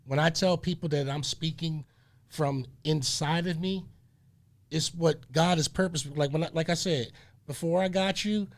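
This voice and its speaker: A male community radio host with a high, gravelly voice. He talks in a preachy way, repeating phrases and breaking off with hold on, wait a minute. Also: moderate pace.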